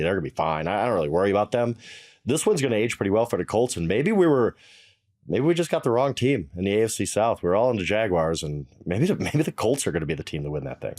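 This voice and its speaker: A middle-aged man co-hosting a casual sports analysis chat, emphatic and exasperated, thinking out loud. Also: lowish voice.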